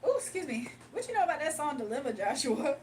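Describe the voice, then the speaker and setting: A young woman with a high voice talks casually to her stream viewers, laughing a lot and now and then singing a few lines. She sits a little back from the mic, and faint background noise runs under her voice. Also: big pitch swings, fast talker, darkish tone. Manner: chatty, laughing, breaks into song. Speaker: live streamer. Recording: slightly distant mic with faint room noise.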